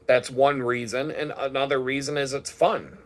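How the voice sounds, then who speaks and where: A man's voice: mid-range voice, fairly even intonation, moderate pace. A man talking casually in a rambling, profane vlog monologue, swearing freely as he tells his day. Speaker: vlogger.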